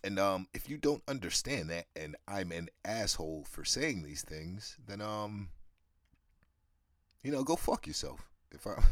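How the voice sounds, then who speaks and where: A man with a very deep, low voice delivers a rambling, profane rant as a show host, laughing as he goes. The sound is dry and close, with no room around it. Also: a bit bright, no room sound. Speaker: podcast host. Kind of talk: casual ranting monologue. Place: New York.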